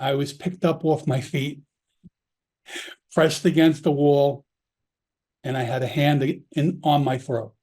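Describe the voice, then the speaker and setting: A man's voice: mid-range voice, darkish tone, husky. Candid New man telling stories. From Long Island, New York. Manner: candid, rambling, with frequent restarts and quoted dialogue. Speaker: podcast guest, former police officer. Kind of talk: casual storytelling.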